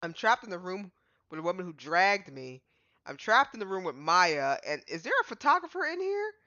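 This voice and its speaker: A woman's voice: fairly low pitch, sing-song, moderate pace, pushed and bright, no echo, dull audio. A woman streaming a game, joking and rambling in casual commentary, with game music playing behind her. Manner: joking, rambling, laughing asides.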